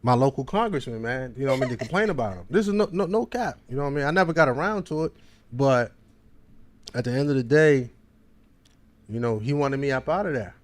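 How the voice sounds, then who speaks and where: A man's voice: medium pitch, lively intonation, fast talker. A man with a Baltimore accent hosting a podcast, telling a long, rambling story in casual slang. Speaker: podcast host.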